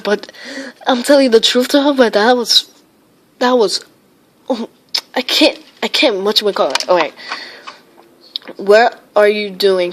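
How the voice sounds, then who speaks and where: A woman live-streaming, rambling and exclaiming often while reading viewer comments. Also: mid-range voice. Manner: rambling, filler-heavy. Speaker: livestream weather vlogger.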